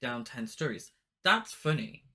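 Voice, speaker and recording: A man on a podcast talks through a film's plot in a loose, joking way. His voice is bright and forward, and he drops in swear words and dry asides at an even, middle pitch. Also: a little slow. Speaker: podcast co-host. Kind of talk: casual film review chat.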